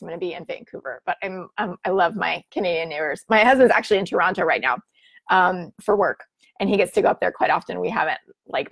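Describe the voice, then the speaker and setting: A woman's voice: medium pitch, gravelly. Bubbly chatty woman host. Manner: bubbly, chatty, filler-heavy. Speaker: livestream host reading viewer comments. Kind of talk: casual live-stream chat.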